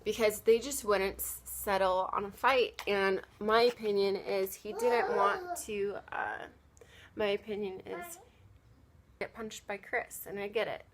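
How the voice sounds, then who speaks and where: A woman's voice: mid-range voice, steady tone, unhurried, noisy background. A young woman vlogging casually, rambling through a story with lots of fillers and quoted asides.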